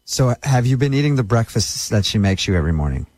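A man's voice: mid-range voice, big pitch swings, fast talker, darkish tone, no room sound. A man hosting a radio prank call, speaking with mock urgency and grave seriousness.

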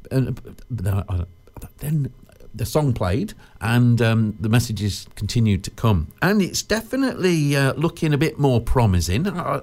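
A man's voice: mid-range voice, vocal fry, darkish tone. A British man presenting a casual radio show, chatting in a rambling way with lots of fillers and restarts.

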